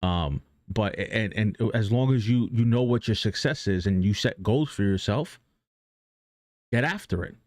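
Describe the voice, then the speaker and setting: A man's voice: lowish voice, a little slow, a little mellow, no room sound. A man streaming live who talks casually and earnestly about motivation, rambling with many restarts and fillers and swearing now and then.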